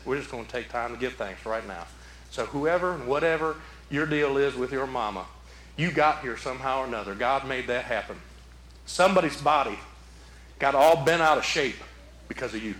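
A man's voice: fairly high pitch, a bit bright, reverberant, slight background noise. A man preaching a folksy sermon in a church, talking conversationally with repeated rhetorical questions. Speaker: pastor. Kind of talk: folksy Mother's Day sermon. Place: church sanctuary.

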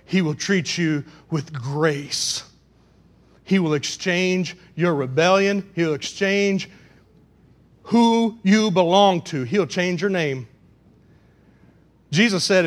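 A man with a notably high voice preaches a sermon to his congregation. He climbs into loud, fervent outbursts, then sinks to a low, pleading hush, leaning hard on repeated lines. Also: slow, pauses often. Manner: swings between loud passionate preaching and hushed pleading. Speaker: pastor. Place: church in front of a congregation.

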